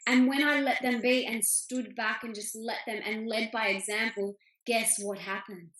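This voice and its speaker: A woman's voice: a little high, fairly even intonation, moderate pace, a bit bright. A woman, an author answering interview questions over a video call, talking with enthusiasm and acting out things her family said. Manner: enthusiastic, acts out family quotes. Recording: roomy video call audio.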